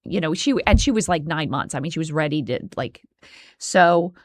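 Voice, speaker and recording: A woman co-hosting a casual chat podcast, speaking in an earnest, halting way with restarts and fillers. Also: low voice, expressive, no echo, studio quality. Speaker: podcast co-host.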